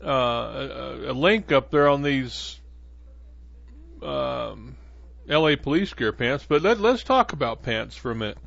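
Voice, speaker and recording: Guy rambling on his podcast, lots of ums, mid-pitched voice, kinda muffled lo-fi audio. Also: expressive, unhurried, vocal fry, a bit bright, no room sound. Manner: rambling, with many fillers and restarts. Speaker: podcast host. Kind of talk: casual monologue. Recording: dull lo-fi dry sound.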